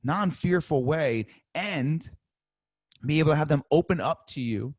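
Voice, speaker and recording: A man coaching real estate agents in a live webinar, energetic and demonstrative, often acting out sales calls. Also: a little high, measured pace, dry recording, clean studio sound.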